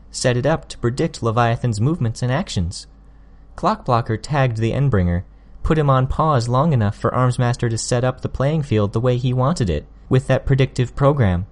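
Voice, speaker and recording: A man reading an audiobook, voicing a sly, smug young woman who needles her opponents with quick, pointed jabs. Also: medium pitch, a little mellow, pitched above the performer's own voice, close to an everyday voice.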